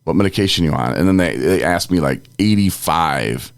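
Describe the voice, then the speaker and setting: A man's voice: sits low, lively intonation, a little fast, vocal fry, hardly any pauses, dry recording, studio quality. A man co-hosting a podcast, ranting in a worked-up, exasperated way. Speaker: podcast co-host. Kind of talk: casual ranting chat.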